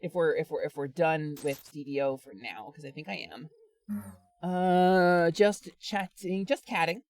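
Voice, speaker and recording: A woman streaming from home, chatting casually and animatedly with her viewers, rambling and quick to get fired up. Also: deep voice, darkish tone. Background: faint background music.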